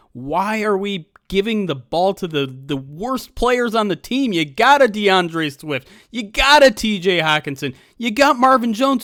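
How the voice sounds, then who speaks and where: A man co-hosting a sports podcast, ranting with rising anger about play calls, animated and exasperated. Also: high-pitched, dry recording, studio quality. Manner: animated, builds from disappointed to openly angry. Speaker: podcast co-host. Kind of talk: casual sports podcast rant.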